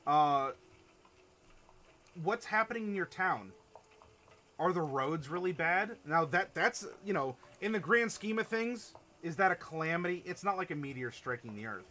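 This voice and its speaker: Male streamer host, casual and rambling, bright voice pitched slightly high. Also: lively intonation, normal speed. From Ohio. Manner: chatty, rambling, reads chat aloud and laughs often. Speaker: streamer running a worldbuilding workshop. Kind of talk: casual live-stream talk to chat.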